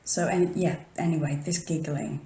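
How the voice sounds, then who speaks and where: With a deep, dark voice, fairly even intonation and a normal speed, she rambles to the camera from an echoey room at home in the early morning. This paranormal vlogger's chat is casual, full of whispers and self-interruptions.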